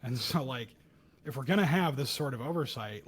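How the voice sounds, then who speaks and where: A young man co-hosting a casual podcast, talking through a news story with heated emphasis and bursts of louder, higher speech. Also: moderate pace, slightly rough. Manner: animated, acts out quoted voices with rising pitch and loudness. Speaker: podcast co-host. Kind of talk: casual political commentary chat.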